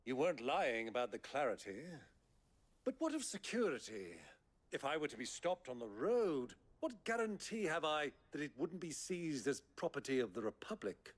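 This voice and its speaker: A man's voice: on the high side, very animated, normal speed. An actor playing a theatrical older nobleman who poses as a villainous buyer, with a grand, hammy stage delivery, in a video game cutscene. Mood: scheming.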